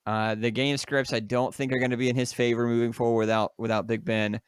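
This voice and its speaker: A man's voice: mid-range voice, little pitch movement, brisk, clear, resonant tone, no room sound, clean studio sound. A young man co-hosting a casual sports podcast, loose and jokey, with lots of fillers and restarts. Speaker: podcast co-host.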